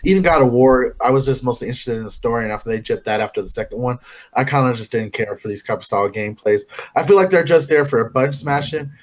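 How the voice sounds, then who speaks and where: A man's voice: medium pitch, fast. A man co-hosting a casual video game chat, blunt and teasing, swearing as he mocks the others' picks.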